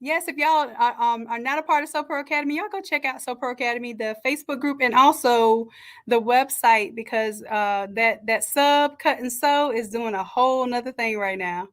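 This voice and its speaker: High-voiced woman hosting a chatty livestream. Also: moderate pace. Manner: chatty, greets each viewer warmly by name. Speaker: livestream host and design coach. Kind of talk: live-stream chat greeting viewers. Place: home setup with makeshift camera stand. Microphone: camera on a stand.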